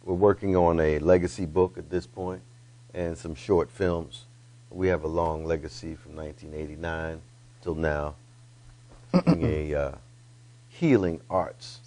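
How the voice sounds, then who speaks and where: Guy with a low voice giving out his website, stops and fixes himself. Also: steady tone, mellow. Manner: halting, corrects himself. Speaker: guest, arts organizer.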